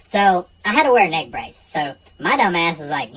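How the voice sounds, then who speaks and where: A man tells a true personal story in a relaxed, casual way, blunt and full of profanity. His voice moves up and down a lot as he goes. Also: on the high side, normal speed, low-quality recording.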